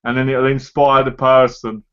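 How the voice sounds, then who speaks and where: A man's voice: mid-range voice, level tone, moderate pace, a crowd in the background. A man hosting a casual live chat, talking in a chatty way and acting out other people's lines as he goes. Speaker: live stream host. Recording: dull lo-fi stream audio.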